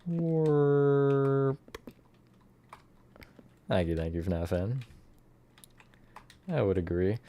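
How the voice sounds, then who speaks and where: A man's voice: low-pitched, unhurried, long pauses, lo-fi sound, slight background noise. A man chatting casually on a live stream as he builds in a game, thinking aloud and greeting viewers from the chat.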